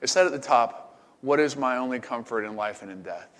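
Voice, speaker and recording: A man's voice: medium pitch, a little fast, fairly bright tone, in a large hall. A man preaching as a pastor, then answering questions in a conversational way, often repeating words as he thinks. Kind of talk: sermon and Q and A. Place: camp meeting hall.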